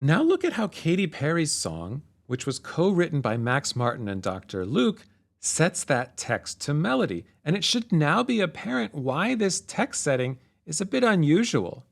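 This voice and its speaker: A man teaching music theory in a clear, measured voice that sits a little high for a man. His pitch moves around a lot as he explains, rising and falling with each point. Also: huge pitch swings. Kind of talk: explanatory lesson narration.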